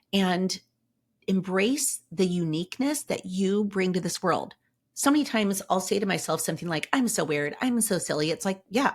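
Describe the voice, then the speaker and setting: A young woman hosts a motivational podcast, her voice a touch lower than most. She talks casually and warmly encouraging, peppering her talk with "like" and "okay." She sounds relaxed and chatty, addressing the listener directly. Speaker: podcast host.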